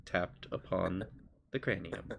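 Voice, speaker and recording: A man's voice: deep voice, takes it slowly, creaky, a bit bright, a little hiss or hum, heavily acted. A man voicing an aloof, condescending patron spirit living in an object, speaking dry and curt.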